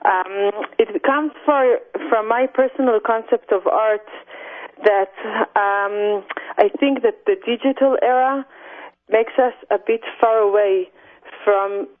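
A woman's voice: medium pitch, slow. Woman guest on phone, hesitant, lots of ums, phone-line sound. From Israel. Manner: soft-spoken, hesitant, many fillers. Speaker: illustrator guest. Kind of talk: phone interview. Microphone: telephone.

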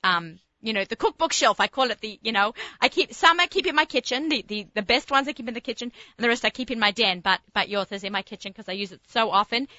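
A woman's voice: on the high side, expressive, fast talker, few pauses, pushed and bright, dry recording, lo-fi sound. An Australian woman hosting a radio talk show, chatty, often restarting her words. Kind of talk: casual radio chat.

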